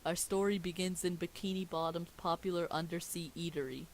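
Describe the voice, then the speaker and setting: A woman's voice: on the low side, steady tone, brisk, slight background noise, low-quality recording. Sarcastic woman reading a script. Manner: sarcastic, self-mocking asides. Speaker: script reader. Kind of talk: casual, comic script reading.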